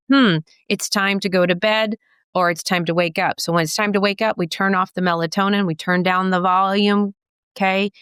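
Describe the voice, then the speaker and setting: A woman optometrist and professor explaining eye science in a jokey, teacherly way, full of quick asides and wordplay. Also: medium pitch, fairly bright tone, smooth, dry recording. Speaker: optometrist and professor giving a guest lecture. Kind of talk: playful explanatory talk to a host.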